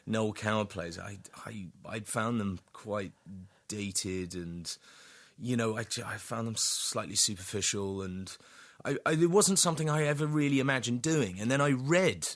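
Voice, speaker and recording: An actor talking as a radio interview guest, thoughtful and full of restarts. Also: male voice, on the low side, moderate pace, a bit bright. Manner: thoughtful, rambling with many restarts.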